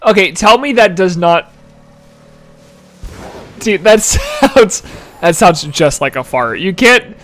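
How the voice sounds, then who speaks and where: A man's voice: high-pitched, lively intonation, takes it slowly, pauses often, a bit bright. A man in his twenties streaming a game live, chatting casually, giggling and answering chat aloud. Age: 20s. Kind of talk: casual gameplay commentary.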